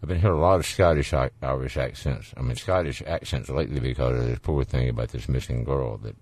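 Southern male radio host, very low voice, dry studio sound, easygoing banter. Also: fast, a little mellow, slightly rough, no room sound. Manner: folksy, rambling, jokey. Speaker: radio call-in show host. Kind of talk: casual radio talk.

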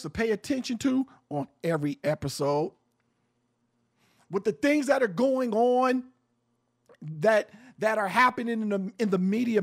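A man with a strikingly high voice and a gravelly fry gives fiery social commentary. His pitch swings widely as he preaches, emphatic and unafraid to curse. He is a radio host holding forth as a guest. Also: fairly bright tone. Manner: emphatic, preachy, swears freely.

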